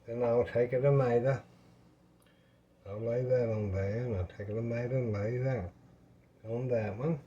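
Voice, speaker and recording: A man's voice: mid-range voice, steady tone, moderate pace, long pauses, dull audio, background noise. A man, chatting in a folksy, rambling way to his viewers while he cooks in his home kitchen. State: out of breath. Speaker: home cooking vlogger. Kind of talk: casual cooking talk to viewers.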